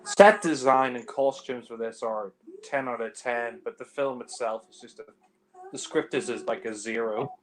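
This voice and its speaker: A man's voice: medium pitch, normal speed, soft background music. A man giving casual, joking film commentary with blunt remarks.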